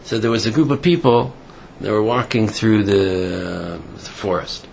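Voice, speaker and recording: A man giving an informal sermon with a parable, halting with many fillers and restarts, and lifting his pitch to act out the voices in the story. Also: gravelly, a little mellow. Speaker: rabbi giving a talk. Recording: dull lo-fi recording with faint background noise.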